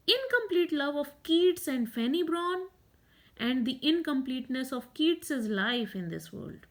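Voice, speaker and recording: Slow, high-voiced woman teaching poetry. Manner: measured, explanatory, reads verse aloud. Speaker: literature teacher. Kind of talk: poetry lecture.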